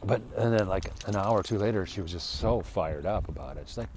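A man hosting a podcast, talking in a casual, rambling monologue that is animated and exasperated, full of restarts and asides. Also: fairly low pitch, moderate pace, a little hiss or hum. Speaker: podcast host.

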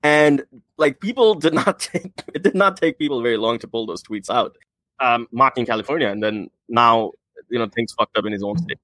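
A man in an ordinary middle pitch, rambling through hesitant fillers and sarcastic asides. The recording is dry and close, with no room sound. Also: moderate pace, bright, forceful tone, dry recording. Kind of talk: casual political chat.

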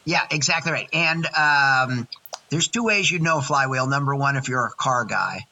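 A man's voice: mid-range voice, animated, normal speed, sharp tone, rough recording. A man in his sixties, a podcast guest chatting casually with energy and jokes, laying out his points by number. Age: 60s. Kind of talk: casual chat.

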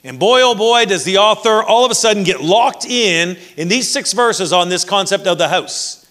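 A man's voice: high voice, expressive, moderate pace, bright, forceful tone. A man with a Canadian accent preaching a sermon as pastor, conversational with dry jokes.

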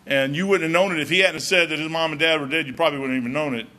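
A man's voice: fairly high pitch, racing. A man preaching a folksy, storytelling sermon as pastor, peppering his talk with "man". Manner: folksy, storytelling, animated, says "man" often.

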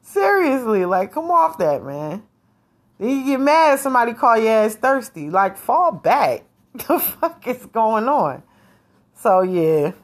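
A woman's voice: fairly high pitch, big pitch swings, unhurried. A woman talking frankly to her viewers in a casual vlog, slangy and profane, rambling and laughing often. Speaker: vlogger.

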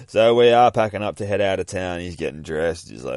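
Low-voiced man rambling through a comic. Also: lively intonation, fairly quick, hardly any pauses, a little mellow, no echo, studio quality. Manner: rambling and profane, laughing often. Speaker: podcast host. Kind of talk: casual comic book read-through.

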